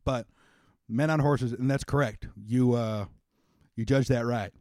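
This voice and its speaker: Young male game master, rambling casual narration, mid pitch, dry close recording. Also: measured pace, a little mellow, no echo. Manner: loose, rambling narration full of fillers. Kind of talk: narrating a tabletop role-playing game.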